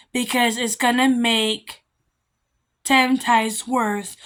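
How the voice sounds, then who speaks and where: A woman's voice: a little high, a bit bright. A young adult woman vlogging parenting advice in a rambling, emphatic, repetitive way. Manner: rambling, emphatic, repeats herself. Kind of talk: casual monologue.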